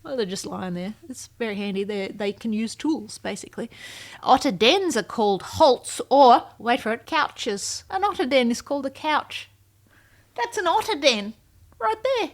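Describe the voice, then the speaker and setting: A woman's voice: a little high, expressive, normal speed. Chatty woman with whispered asides. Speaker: writer and vlogger. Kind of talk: casual behind-the-scenes chat.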